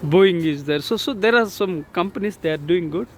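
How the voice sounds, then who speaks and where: A man in his sixties vlogging while he walks along city streets, speaking slowly and haltingly with many fillers and repeated words, recorded on a phone he holds in his hand. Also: high-pitched. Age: 60s. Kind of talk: casual walking vlog. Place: outdoors on city streets with traffic. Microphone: phone held in hand while walking. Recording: street traffic noise on a phone. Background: traffic and street noise.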